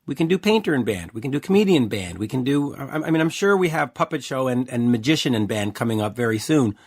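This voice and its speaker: A man's voice: medium pitch, expressive, quick pace, breathy edge. A man hosting a rock podcast, chatting in a jokey, loose way with frequent fillers. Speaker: podcast host. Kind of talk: casual interview chat.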